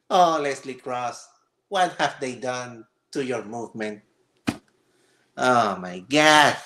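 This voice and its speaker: A man hosting a livestream, reacting to a video with sarcastic, exasperated commentary and excited stammering. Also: mid-range voice, slow. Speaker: livestream host.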